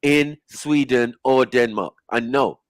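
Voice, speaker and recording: A man hosting a casual panel chat on a stream, ranting in an animated, exasperated way and swearing. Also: medium pitch, slow pace, no echo. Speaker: stream host.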